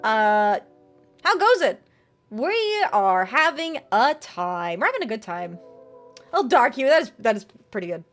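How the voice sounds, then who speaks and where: Young vtuber girl chatting w chat, high bouncy voice all over the place, faint game music behind. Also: very animated, a little slow, a bit bright. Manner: giggly, jokey, reads chat and tarot cards aloud. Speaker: VTuber streamer. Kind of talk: casual live-stream chat with viewers.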